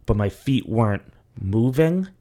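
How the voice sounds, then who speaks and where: Expressive and dark-toned, a young podcast host speaks at a measured pace in a mid-range voice. His casual stories ramble on at length, full of profanity and endless "like" and "you know."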